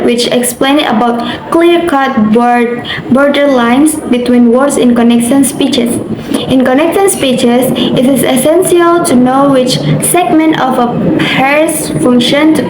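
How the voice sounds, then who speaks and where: A young woman from Indonesia, a university student carefully reading a class assignment aloud, with occasional slips. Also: high-pitched. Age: young adult. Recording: roomy echo, faint background noise.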